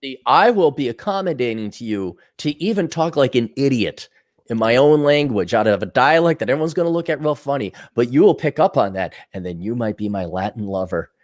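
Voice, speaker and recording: A man's voice: mid-range voice, animated, fairly quick. A man co-hosting a podcast in casual banter, profane and mocking. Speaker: podcast co-host.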